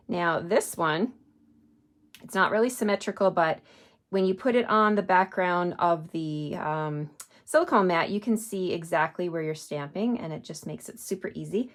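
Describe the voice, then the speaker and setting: Woman, low-ish voice, friendly, chatty, live crafting demonstration, fillers and asides.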